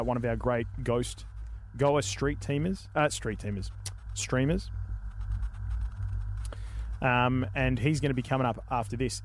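A man's voice: mid-range voice, slight background noise. An Australian man hosting a gaming stream in a rambling, upbeat, casually swearing manner. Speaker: host of a gaming show stream. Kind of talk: casual live-stream chat and giveaway hosting.

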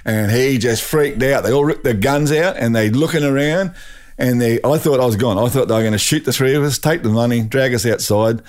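An older man with an Australian accent, a guest telling a rambling, animated anecdote full of restarts. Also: medium pitch, a little fast. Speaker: guest, retired drag racing champion. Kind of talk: storytelling anecdote.

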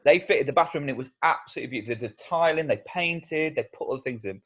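A man's voice: a little high, lively intonation, fast talker. A man co-hosting a casual comedy podcast, joking, laughing often and rambling with restarts. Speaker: podcast co-host.

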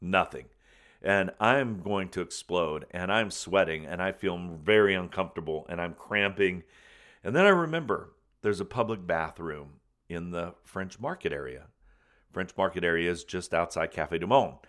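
A man telling a funny personal story in a folksy, animated way, calling people man and buddy, with faint music behind him. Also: sits low, normal speed. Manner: animated, bursts into loud excited retelling.

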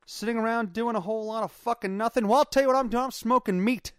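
Rambling, foul-mouthed man, higher voice. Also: quick pace, a bit bright, clear, resonant tone, no room sound, studio quality. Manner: rambling, profane, frequent filler words. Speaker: podcast host. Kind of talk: casual solo chat. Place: home basement.

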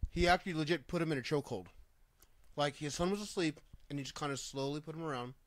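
A man with a somewhat high voice talks in a relaxed group conversation. He questions claims skeptically and works through his reasoning aloud. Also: fast, no room sound. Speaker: podcast co-host and former wrestler. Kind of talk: casual group discussion.

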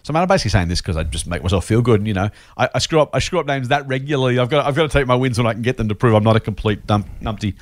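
A man's voice: medium pitch, lively intonation, rapid-fire, hardly any pauses, no room sound, clean studio sound. A man co-hosting a casual investing podcast. He is chatty and self-deprecating and often repeats his words. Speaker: podcast co-host.

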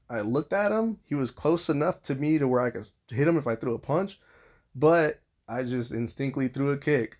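A man with a gravelly, rough-edged voice tells a long personal story in a loose, casual monologue. He rambles, swears constantly and restarts sentences as he goes, at a middling pitch. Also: lo-fi sound.

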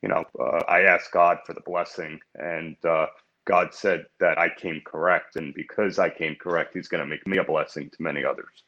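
A man's voice: sits low, steady tone, normal speed, pushed and bright, highs cut off. A man in his fifties chatting casually as a podcast guest, rambling and heartfelt, often restarting his sentences. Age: 50s.

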